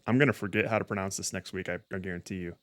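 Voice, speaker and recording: A man streams a game and talks through it, rambling, correcting himself and stumbling over words. His voice sits on the low side. The sound is dry and close, with no room around it. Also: steady tone, rapid-fire, fairly bright tone, dry recording. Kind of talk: casual gameplay commentary.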